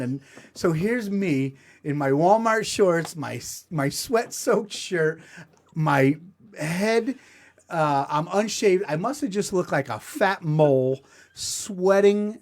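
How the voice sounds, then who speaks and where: A man's voice: a little high, lively intonation, slow. A man hosting a podcast, telling a story in a casual, profane, self-mocking way. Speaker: podcast host. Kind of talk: comedic storytelling.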